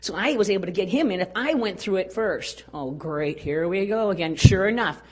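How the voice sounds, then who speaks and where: An older woman speaking at a women's conference, telling a personal story in an earnest way and dropping to a hush at tender moments. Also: mid-range voice, lively intonation, normal speed. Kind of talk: storytelling talk.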